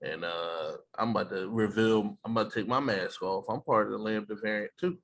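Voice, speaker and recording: A man's voice: fairly low pitch, fairly quick, a bit bright. A man co-hosting a podcast in loose, joking, profane banter. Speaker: podcast co-host. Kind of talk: casual chat.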